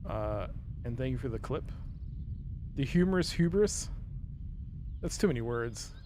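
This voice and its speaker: A man's voice: medium pitch, lively intonation, measured pace, noisy background. A man streaming a puzzle game live, thinking aloud in a rambling, self-mocking way and chatting with viewers. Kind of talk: casual live-stream commentary.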